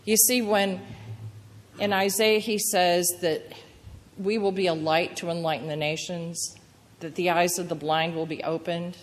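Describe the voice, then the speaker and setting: A woman preaching a sermon, earnest and gentle, her voice sitting on the lower side. The sound carries a long reverb as if from a church hall. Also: steady tone, unhurried. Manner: earnest, gentle storytelling with quoted prayers.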